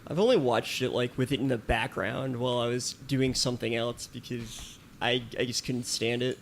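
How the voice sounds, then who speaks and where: A man's voice: medium pitch, fairly even intonation, moderate pace, slight background noise. A man co-hosting a casual podcast chat, giving blunt, dismissive opinions. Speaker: podcast co-host.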